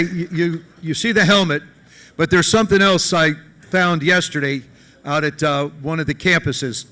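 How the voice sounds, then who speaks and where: Man, banquet guest speaker; high bright voice, folksy and emphatic, repeats himself. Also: fairly even intonation, moderate pace, a little hiss or hum. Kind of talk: stage interview and charity auction. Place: large banquet hall event.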